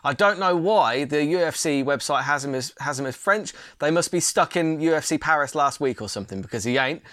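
A man's voice: fairly high pitch, expressive, fairly quick, fairly bright tone, no echo, studio quality. A young man hosting a casual, blunt and opinionated fight card preview. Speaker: MMA channel host.

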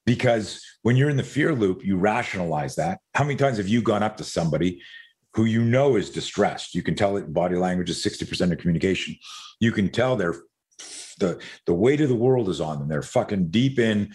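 Man, middle-aged, from Canada, very low voice, podcast guest, rambling storyteller, casual swearing. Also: expressive, fairly quick, darkish tone.

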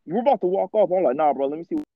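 A man's voice: sits high, lively intonation, rapid-fire, dry recording, narrow, tinny audio. A man co-hosting a podcast, telling a story in casual slang and laughing as he goes. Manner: slangy, laughs through his stories. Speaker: podcast co-host.

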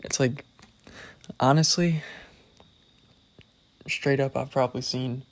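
A man's voice: medium pitch, steady tone, takes it slowly. A young man hosting his own podcast solo, talking casually in a rambling, self-deprecating, wry way.

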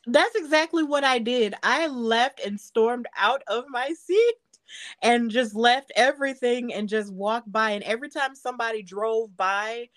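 A woman's voice: fairly high pitch, a bit bright, dry recording. A woman hosting a wrestling podcast, chatting emphatically with her guest. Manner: emphatic, conversational. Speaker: podcast host. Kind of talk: casual interview chat.

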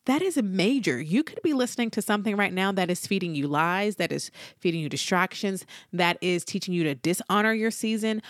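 A woman hosting a solo motivational podcast, talking in an encouraging way and slowing down to stress her points. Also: on the low side, no echo, studio quality. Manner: encouraging, slows down for emphasis. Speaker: podcast host.

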